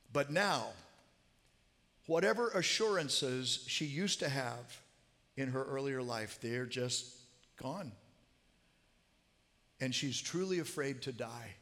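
A man's voice: mid-range voice, fairly bright tone. A man telling a story in a sermon, earnest and growing emphatic as he quotes. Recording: long hall reverb.

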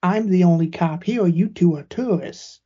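A woman's voice: fairly low pitch, normal speed, warm tone, husky. A woman co-hosting a podcast, chatting casually about a movie with dry, short reactions. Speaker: podcast co-host. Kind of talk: casual movie recap chat. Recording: muffled lo-fi audio.

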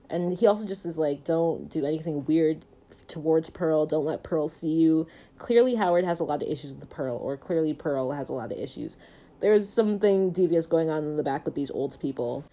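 A woman casually recapping a horror film, chatty and animated with jokey asides. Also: low voice, brisk. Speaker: film reviewer.

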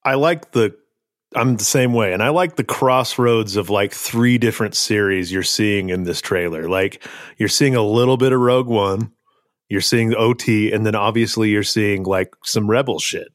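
A man's voice: fairly low pitch, moderate pace, no room sound, clean studio sound. A man co-hosting a podcast, talking bluntly with swearing and irritated asides. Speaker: podcast co-host. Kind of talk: casual chat.

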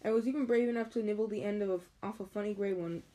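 A woman's voice: mid-range voice, steady tone, fast talker, dark tone. A woman reading a storybook aloud in a casual, chatty way, often stumbling and restarting words. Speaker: reader.

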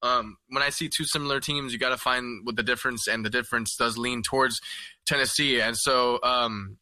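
A man co-hosting a sports podcast, talking in a measured way and hedging with fillers as he weighs his picks. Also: medium pitch, steady tone, sharp tone, no echo. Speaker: podcast co-host. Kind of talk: casual sports chat.

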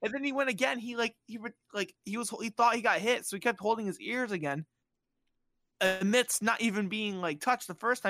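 An animated man from Bosnia tells a story on a podcast, his voice sitting a little high for a man. He jumps into squeaky voices for the people he quotes. The sound is dry and close to the mic. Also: normal speed, dry recording. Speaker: podcast host. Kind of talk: casual storytelling chat.

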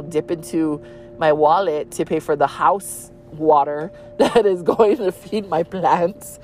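A woman with a somewhat low voice and a hint of Hawaii Pidgin in her accent hosts a casual solo podcast. She talks in a chatty, candid manner and swears often.

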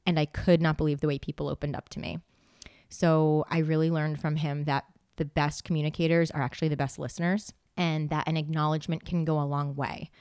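A woman with a notably low voice chats in a relaxed conversational way, often slipping into quoted asides as she tells a story. The sound is dry and close, with no room around her. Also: brisk, clear, resonant tone, dry recording. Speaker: podcast guest. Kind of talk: casual conversation.

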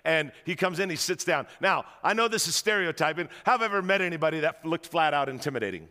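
A man preaching a sermon to a church crowd, telling stories in an animated way and rousing the audience, in a large auditorium. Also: a little high, fast, in a large hall. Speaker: guest pastor.

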